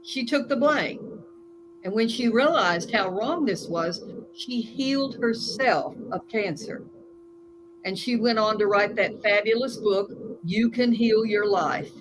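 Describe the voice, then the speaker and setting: A woman's voice: a little high, takes it slowly. A woman life coach, a guest in an interview, telling stories in an earnest, emphatic way. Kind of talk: conversational interview. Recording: noisy recording.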